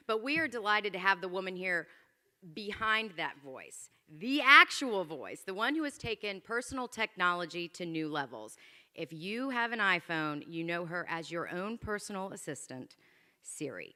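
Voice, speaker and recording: Bright-voiced woman emceeing a gala. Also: on the low side, smooth. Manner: playful, joking asides to the audience. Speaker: master of ceremonies. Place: large event hall. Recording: hall reverb from a PA system.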